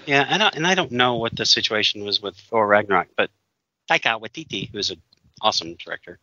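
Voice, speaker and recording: A man in a casual chat talks on at length, opinionated and quick to laugh. His voice is sharp and forceful, a touch low in pitch. The recording is dry and muffled, with a lo-fi dullness. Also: animated, dry recording. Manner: opinionated, rambling, laughs often. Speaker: podcast co-host. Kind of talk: casual chat reviewing a movie. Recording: dull dry lo-fi sound.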